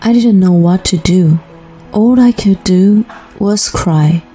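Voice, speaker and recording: A woman narrating a first-person family drama story in a flat, even reading voice. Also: medium pitch, takes it slowly, slightly rough, faint music behind.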